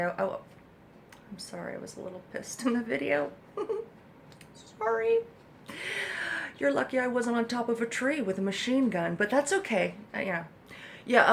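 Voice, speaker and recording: A woman's voice: medium pitch, a bit bright, slight background noise. A woman speaking as the mother of an autistic child, giving blunt, emphatic advice to other parents in a rambling monologue with casual swearing, recorded in a room at home.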